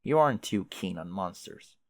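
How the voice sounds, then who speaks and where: A man's voice: low voice, animated, normal speed, creaky, darkish tone. A man reading a webcomic aloud with casual, wry commentary and the odd swear word. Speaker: webcomic reader.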